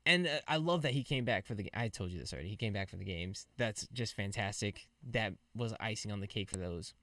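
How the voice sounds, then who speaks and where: A man's voice: on the low side, animated, quick pace, fairly bright tone, dry recording. A man hosting a gaming podcast, chatting in a laid-back way and laughing easily. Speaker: podcast host and streamer. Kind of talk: casual chat.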